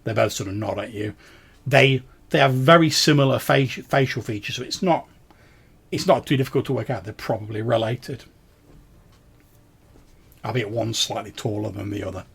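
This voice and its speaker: A man running a tabletop game as game master, his voice gravelly and a little husky. He describes scenes in a loose, rambling way, full of "sort of" and "like". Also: medium pitch, normal speed, long pauses, a bit bright.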